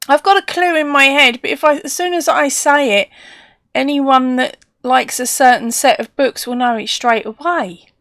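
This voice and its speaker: A woman's voice: high-pitched, moderate pace, a bit bright, no echo, clean studio sound. A woman hosting a casual live stream, chatty and laughing often as she reads out viewer comments.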